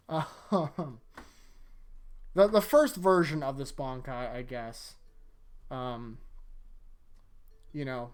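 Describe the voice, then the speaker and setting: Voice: mid-range voice, clean tone. Chatty anime recap host. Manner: retells scenes by acting out quick character lines; chatty, laughs often, frequent fillers. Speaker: anime rewatch reviewer. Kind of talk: casual episode recap.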